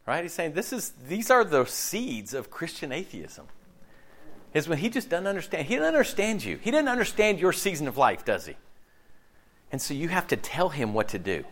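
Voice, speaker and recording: A male minister delivering a chatty, humorous sermon. His voice sits a little high and sounds sharp and bright. He keeps turning to his listeners with questions. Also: normal speed. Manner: joking, animated, asks the room questions. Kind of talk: conversational sermon.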